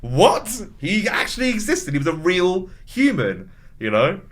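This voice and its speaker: A man's voice: high voice, huge pitch swings, a little slow, a bit bright. A man in casual podcast chat as a guest, telling stories in a rambling way full of fillers. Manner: rambling storyteller, many fillers.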